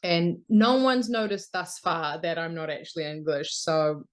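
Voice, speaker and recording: A woman's voice: fairly low pitch, a little slow. A young woman from New Zealand, a voice actor, chatting casually in an interview and laughing often. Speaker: voice actor guest.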